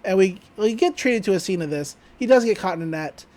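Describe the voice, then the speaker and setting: Laughing, animated podcast host. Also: medium pitch, brisk. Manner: animated, laughs often while retelling. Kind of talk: casual episode recap.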